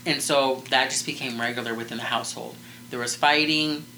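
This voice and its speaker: A man's voice: mid-range voice, steady tone, brisk, bright, forceful tone, slight background noise, rough recording. A man co-hosting a casual true-crime podcast, rambling through the story with lots of "like" and restarts. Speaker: podcast co-host.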